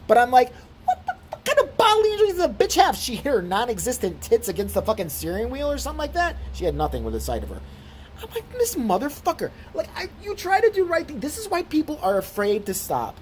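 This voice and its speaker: A woman's voice: medium pitch, a little hiss or hum. A woman vlogger telling a story as an indignant, profane rant. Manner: indignant, swearing, animated storytelling.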